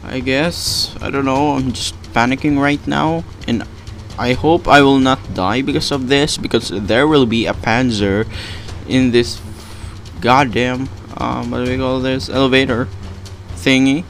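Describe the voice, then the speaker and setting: A man's voice: mid-range voice, fairly even intonation, measured pace, slight background noise. Panicky young man narrating his gameplay. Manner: panicky, exclaiming, laughing often. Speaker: gaming channel host. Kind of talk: live gameplay commentary.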